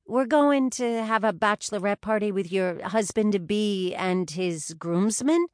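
A woman's voice: unhurried, no room sound, studio quality, natural voice. A woman doing a flirty blonde New Yorker. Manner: high, giggly, flirty.

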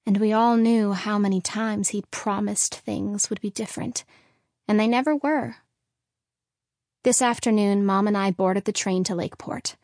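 A woman narrating a children's novel in first person, with steady, measured storytelling. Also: medium pitch, no room sound, studio quality. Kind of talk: audiobook narration.

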